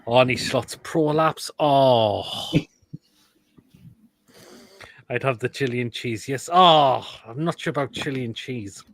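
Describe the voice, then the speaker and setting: A man at a middle pitch, running a live football stream and judging food pictures. He talks in crude, blunt one-liners and breaks into loud outbursts now and then. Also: unhurried, long pauses, no echo. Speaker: host of a live football show. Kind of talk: live-stream chat reacting to food pictures and reading comments.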